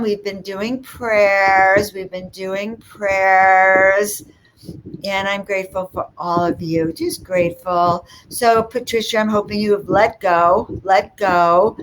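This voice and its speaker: A chatty, enthusiastic woman teaching about intuition in a rambling livestream talk, her voice at a middling pitch. She wanders from one thought to the next as a spiritual teacher. The audio carries a steady hiss of background noise with occasional clicks. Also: poor audio.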